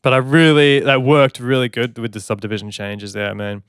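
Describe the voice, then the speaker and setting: A man's voice: mid-range voice, level tone, normal speed, a bit bright, clean tone, no echo, clean studio sound. A man, a songwriter, giving casual, enthusiastic commentary on an album and scatting melodies as he talks. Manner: enthusiastic, chatty, hums and scats melodies. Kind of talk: casual music reaction commentary.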